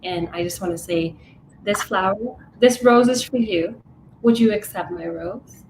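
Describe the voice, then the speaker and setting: A woman from Uganda speaks in a soft, earnest, heartfelt way, her pitch sitting in a middle range. Her voice carries a roomy echo, and a faint hum of background noise sits underneath it. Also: unhurried. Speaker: guest, wellness coach. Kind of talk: interview chat and read affirmation.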